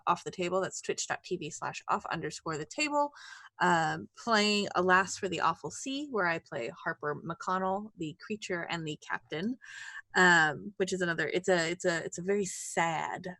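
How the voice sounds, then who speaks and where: A woman's voice: on the low side, lively intonation, a little slow, pushed and bright, dry recording. A woman talking casually as a tabletop game player, hesitating often with "um.". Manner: hesitant, with many "um" fillers. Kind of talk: casual chat.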